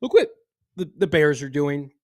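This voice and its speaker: A man hosting a casual sports podcast, talking with energetic, wry banter from a studio. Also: a little high, normal speed, no room sound. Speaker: podcast host.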